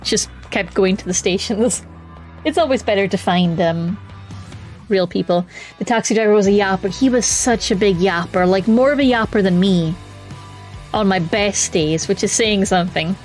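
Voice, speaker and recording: A woman's voice: mid-range voice, normal speed, a little mellow, faint music behind, rough recording. A young woman chatting casually to her stream viewers, talkative and self-mocking.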